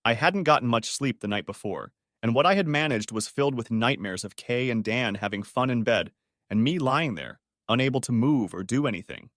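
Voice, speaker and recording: A man's voice: mid-range voice, animated, brisk, a bit bright, no room sound, clean studio sound. A man narrating a first-person audiobook story in a bitter, restrained way.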